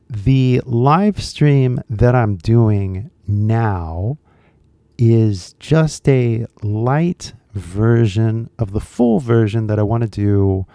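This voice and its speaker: A man hosting a live stream, chatting casually in a halting way with fillers and restarts. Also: lowish voice, dark tone, dry recording, clean studio sound. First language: English.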